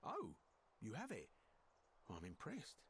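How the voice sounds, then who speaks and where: An actor playing a shrewd, wry male merchant in an ancient Roman city, speaking in video game dialogue with a smooth, bargaining manner. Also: medium pitch, huge pitch swings, takes it slowly, a bit bright, a little hiss or hum, exaggerated voice.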